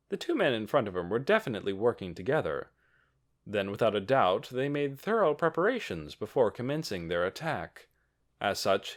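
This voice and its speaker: Expressive male audiobook narrator. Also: lowish voice.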